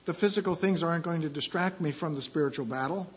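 High-voiced man preaching with loud swells. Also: quick pace, few pauses, lo-fi sound. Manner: swings from quiet asides to loud emphatic scripture reading; repeats key phrases for emphasis. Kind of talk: sermon.

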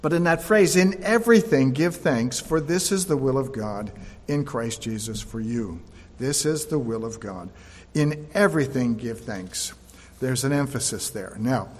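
A man's voice: fairly high pitch, husky. A man preaching a sermon, reading verses aloud and then explaining them in plain conversational asides. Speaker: pastor. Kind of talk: sermon, scripture reading with commentary. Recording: echoey hall with long reverb.

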